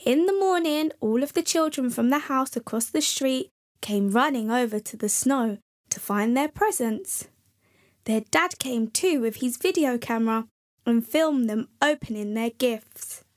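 Slow-reading woman storyteller for children. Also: fairly high pitch, animated. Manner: gentle, addressing children. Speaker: storyteller host.

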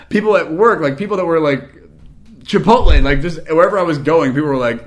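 A young adult man telling a casual, rambling anecdote, animated and self-mocking. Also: fairly high pitch, fast. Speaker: storyteller.

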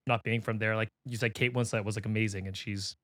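Wry podcast host, man, halting. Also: lowish voice, steady tone, a bit bright, no room sound, clean studio sound. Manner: halting, hedging with fillers, wry. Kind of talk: casual chat.

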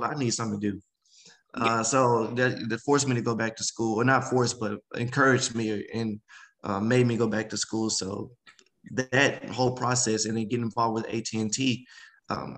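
Man, 30s, interview guest, casual storytelling, animated. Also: on the low side, poor audio. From Memphis, Tennessee. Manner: animated, acts out quoted voices. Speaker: guest speaker.

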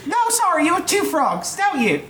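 A man's voice: very high voice, big pitch swings, moderate pace, roomy sound, very noisy, voice pushed up. A man voicing a nosy, rude little altar boy who fires off blunt, whiny questions.

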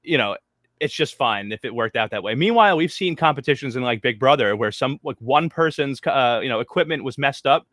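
A man's voice: mid-range voice, lively intonation, brisk, a bit bright, no room sound, clean studio sound. A man co-hosting a podcast, chatting casually with lots of fillers and restarts. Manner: rambling, heavy on fillers and restarts. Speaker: podcast co-host. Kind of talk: casual recap chat.

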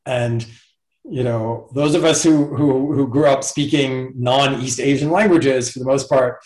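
A man of middle pitch talking through an idea patiently and step by step, as a guest in a relaxed interview. His voice carries a noticeable roomy echo. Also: unhurried. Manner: thoughtful, explains step by step. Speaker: guest mathematics professor. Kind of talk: casual conversational interview.

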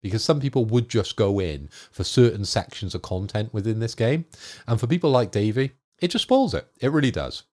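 A man co-hosting a casual gaming podcast, giving measured opinions. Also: lowish voice, lively intonation, a little mellow. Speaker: podcast co-host.

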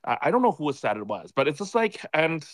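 A man's voice: fairly high pitch, sing-song, a little fast, no echo. A man calling into a live audio chat from a bar, a bit tipsy from beer, rambling and exasperated with lots of filler words. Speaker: caller.

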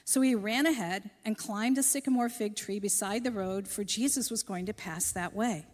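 A woman preaches to a church congregation, telling a personal story with gentle self-deprecating humor. Her voice sits fairly high. The sound carries the long reverb of a large church hall. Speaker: church speaker.

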